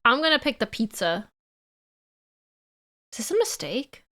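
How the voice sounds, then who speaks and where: A woman's voice: fairly high pitch, sing-song, measured pace, sharp tone. A woman from Canada, giving playful live-stream reaction commentary and teasing her chat.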